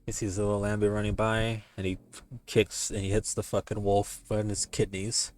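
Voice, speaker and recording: A man with a fairly low voice streaming a game and chatting casually as he reads. His commentary is joking and loose, with offhand swearing. It sounds like relaxed, unscripted stream talk. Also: moderate pace, faint music behind.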